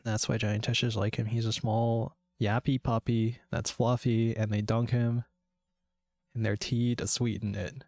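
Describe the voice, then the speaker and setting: A chatty man talking to his stream while he builds a game, wandering off on tangents with plenty of swearing and laughter. His voice sits at an ordinary middle pitch. It is recorded close and dry, with no room sound around it. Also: flat delivery, unhurried, a little mellow, dry recording. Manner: rambling and chatty, swears freely, laughs often. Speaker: VTuber game developer streamer. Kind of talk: casual live-stream chat.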